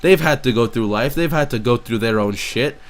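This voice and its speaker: A teenage guy rants alone to his audience in a rambling, frustrated monologue. He swears constantly and keeps circling back over the same questions. His pitch sits in the middle range for a young man. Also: moderate pace. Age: teens. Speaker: streamer. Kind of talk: venting monologue.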